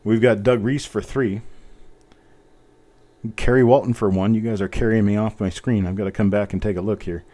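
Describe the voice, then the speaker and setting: Casting note: man, low mellow voice, easygoing live-stream auction host, keyboard clacking behind. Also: fairly even intonation, normal speed, pauses often. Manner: chatty, self-mocking, reads out bidders while typing.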